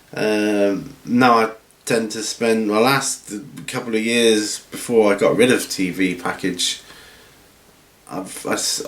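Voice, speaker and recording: A man hosting a hobby channel from home, chatting casually through viewer questions in a rambling, relaxed way with lots of ums and restarts. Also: on the low side. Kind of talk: casual Q&A chat. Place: at home, seated with feet up. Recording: roomy room echo.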